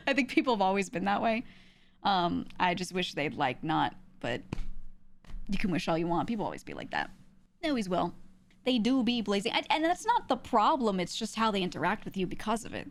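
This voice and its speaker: A young woman from New York, a streamer talking in a casual, rambling way and laughing often. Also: mid-range voice. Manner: rambling, laughs often, trails off with "I don't know".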